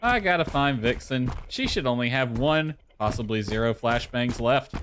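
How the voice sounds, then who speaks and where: A man's voice: medium pitch, expressive, normal speed, hardly any pauses, fairly bright tone, a little hiss or hum. A man streaming a game live, chattering to himself, calling out playfully and now and then singing in a mock-sad voice. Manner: playful, talks to himself, sings and calls out in a mock-plaintive voice. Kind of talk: live gameplay commentary.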